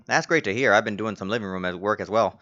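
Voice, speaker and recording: A man's voice: lowish voice, fairly quick, pushed and bright, dull audio. A man doing a folksy Midwestern dad. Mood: cheery. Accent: put-on Midwestern. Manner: folksy and cheery. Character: friendly neighborhood dad, hearty Midwestern man.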